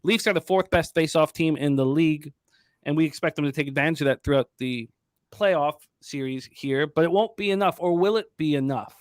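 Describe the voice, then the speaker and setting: Host, male, sports betting show: brisk and emphatic, reads off stats, voice a bit high, dry booth sound. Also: dry recording.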